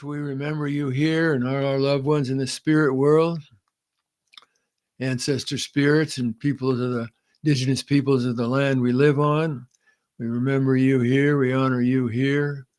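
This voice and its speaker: Older man giving a slow, solemn prayer. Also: medium pitch, fairly even intonation, a little mellow. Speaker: podcast host leading an opening prayer. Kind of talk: spoken prayer and casual chat.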